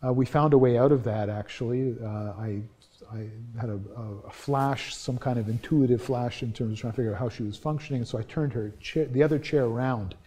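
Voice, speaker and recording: Mellow-voiced man lecturing conversationally. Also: mid-range voice, a little fast. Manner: conversational, anecdotal, frequent restarts. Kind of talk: university lecture.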